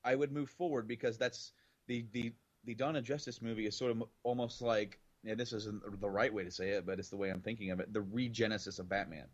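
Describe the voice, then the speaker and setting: A man's voice: on the low side, steady tone, a little fast, muffled recording. A man co-hosting a podcast in casual chat, rambling and circling back on his points. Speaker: podcast co-host.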